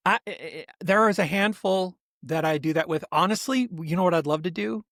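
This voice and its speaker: A man's voice: sits high, fairly quick, fairly bright tone, dry recording, clean studio sound. A man co-hosting a podcast, telling a story in a casual, rambling way with lots of restarts and asides. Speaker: podcast co-host. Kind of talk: casual chat.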